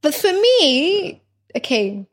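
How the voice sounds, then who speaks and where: A woman's voice: sits high, takes it slowly. A woman co-hosting a podcast, telling a story in casual chat and laughing as she goes. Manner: animated, laughs while telling stories. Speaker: podcast co-host.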